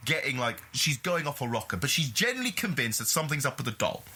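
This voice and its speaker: A man's voice: mid-range voice, quick pace, husky. A man hosting a podcast, reviewing a film in casual chat, swearing freely and acting out scenes in character voices. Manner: animated, profane, acts out scenes in voices. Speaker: podcast host.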